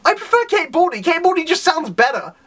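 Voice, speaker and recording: A man talking through a comic chapter review in a loose, rambling way. His pitch swings all over the place, and he keeps slipping into acted-out lines from the characters. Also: sing-song, brisk, a bit bright. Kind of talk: casual video review.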